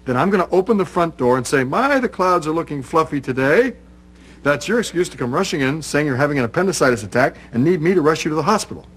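An actor playing a lazy, scheming middle-aged husband in a sitcom, grumbling and bursting into loud exasperated yells. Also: male voice, fairly high pitch, expressive, quick pace, husky. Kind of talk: sitcom acting.

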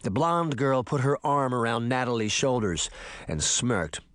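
A man narrating a fantasy audiobook in a dramatic, expressive reading style. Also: medium pitch, a little slow, no echo. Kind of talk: scripted narration.

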